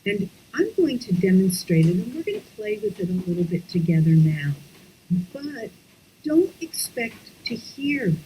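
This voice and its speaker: A woman teaching a breathwork class online, talking slowly and softly and often dropping into whispers. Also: mid-range voice, very animated, a little hiss or hum, poor audio. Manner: slow, soft-spoken, drifting into whispers. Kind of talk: guided breathing lesson. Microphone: online class, computer mic.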